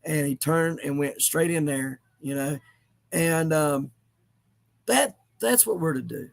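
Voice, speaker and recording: A middle-aged man tells a moving personal story in an earnest, halting way, full of restarts. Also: on the high side, gravelly. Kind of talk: emotional storytelling in conversation.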